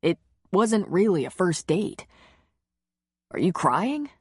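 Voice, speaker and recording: A woman narrator voicing a tender man who speaks softly and reassuringly in a low voice. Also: big pitch swings, slow pace, slightly rough, no echo, studio quality, exaggerated voice.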